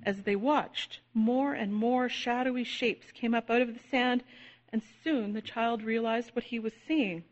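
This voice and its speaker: A woman gently reading a children's story aloud, narrating in a soothing manner. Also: fairly high pitch, steady tone, unhurried. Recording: dull lo-fi recording.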